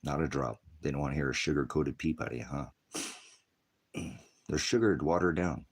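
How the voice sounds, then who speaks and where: A man's voice: rumbling low, moderate pace, slightly rough. A retired male pastor preaching in a rambling, combative rant that jumps from topic to topic. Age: older.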